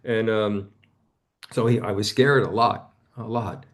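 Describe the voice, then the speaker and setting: A man's voice: fairly even intonation, measured pace. Man in his seventies telling his story. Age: 70s. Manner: personal storytelling, acts out remembered voices with sudden jumps in pitch. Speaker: interview guest. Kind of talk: casual reflective conversation.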